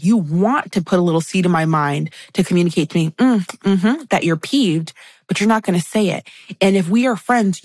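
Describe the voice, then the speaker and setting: A woman guest on a podcast, explaining friendship dynamics in a lively conversational way and acting out quoted remarks. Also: lowish voice, no echo. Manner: animated, acts out catty quotes.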